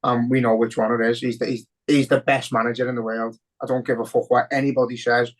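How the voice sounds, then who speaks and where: A man's voice: medium pitch, flat delivery, fast talker. A young man with a Liverpool accent, chatting on a podcast, swearing heavily as he rants with emotion. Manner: heavy swearing, emotional and ranting. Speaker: podcast co-host. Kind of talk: casual podcast chat.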